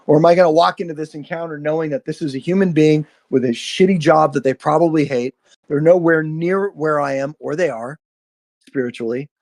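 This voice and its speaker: A man's voice: a little high, fairly quick, darkish tone. A man hosting a live stream, giving an earnest spiritual monologue full of swearing and frequent "right?" checks. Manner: earnest, profane, repeats "right?".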